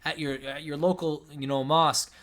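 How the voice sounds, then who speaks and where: Impassioned young man, higher voice. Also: little pitch movement, normal speed, a bit bright. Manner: emotional, pleading, repeats himself. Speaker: religious commentator. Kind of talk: impassioned religious commentary.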